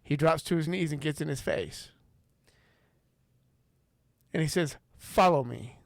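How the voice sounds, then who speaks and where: A man co-hosting a faith podcast, telling a story in an earnest, animated way. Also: a little high, measured pace, vocal fry, no echo, clean studio sound. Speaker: podcast co-host. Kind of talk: casual faith podcast conversation.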